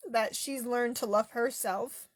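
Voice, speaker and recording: A young woman telling a personal story through tears, halting and stopping often with fillers and pauses. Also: on the high side, fairly even intonation, dry recording, clean studio sound. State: tearful, voice breaking. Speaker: author sharing a personal story. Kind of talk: emotional personal testimony.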